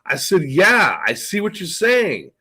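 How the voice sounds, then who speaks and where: High-voiced rambling man. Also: very animated, unhurried, bright, forceful tone, husky, low-quality recording. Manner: rambling, swearing, tells stories with quoted dialogue. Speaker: guest. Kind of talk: casual chat on a call.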